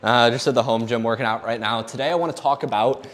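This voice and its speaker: A young man talks fast and bluntly in a casual vlog, his voice at a mid pitch. He sounds energetic and swears freely while recording at his home gym. He speaks as the owner of a coaching business.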